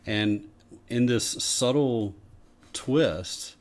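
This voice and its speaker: A man co-hosting a podcast, explaining ideas in a measured, calm way during a casual discussion. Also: mid-range voice. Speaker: podcast co-host.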